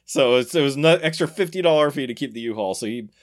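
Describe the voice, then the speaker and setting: This podcast host speaks quickly in a mid-range voice, casually telling a story. He laughs often and acts out quotes as he animatedly retells it.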